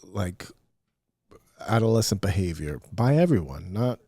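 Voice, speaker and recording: A man's voice: low-pitched, very animated, measured pace, warm tone, no echo. A middle-aged man hosting a podcast, rambling through a profane, self-mocking solo rant. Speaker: podcast host. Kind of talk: casual solo podcast monologue.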